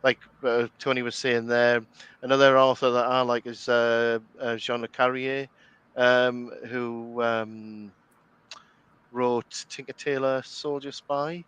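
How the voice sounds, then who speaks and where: A man's voice: mid-range voice, little pitch movement, takes it slowly, fairly bright tone, smooth, no room sound, lo-fi sound. A middle-aged Geordie man from the North East of England hosting a casual commentary chat, chatty, with many fillers and restarts and frequent laughs. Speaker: commentary podcast host.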